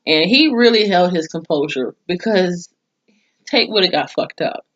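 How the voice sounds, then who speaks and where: A woman's voice: on the low side, expressive, a little slow, highs cut off. A woman recapping a TV episode in a casual, profane, chatty way, full of slang. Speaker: TV episode reviewer.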